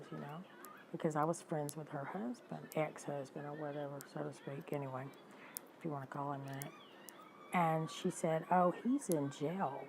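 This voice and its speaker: A woman, hosting a livestream and telling stories in an animated, indignant way while talking to her viewers. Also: deep voice, gravelly, slight background noise, rough recording. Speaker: livestream host. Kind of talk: casual storytelling to live chat.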